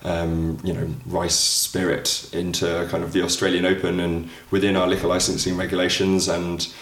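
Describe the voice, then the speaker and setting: A man in casual chat, relaxed and hedging, full of "like" and "kind of". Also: deep voice, moderate pace, reverberant.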